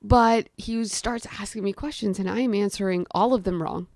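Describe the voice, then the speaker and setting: A woman's voice: medium pitch, normal speed, no room sound, clean studio sound. A young woman, a guest telling a story, who talks casually with lots of "like" and acts out what people said. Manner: animated, acts out quotes of herself and others; chatty, frequent "like" fillers.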